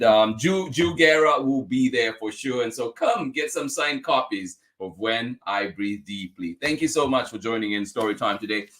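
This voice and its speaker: A man's voice: medium pitch, a bit bright. A man hosting a children's story time, reading a picture book aloud and chatting upbeat with viewers, often laughing and thanking them.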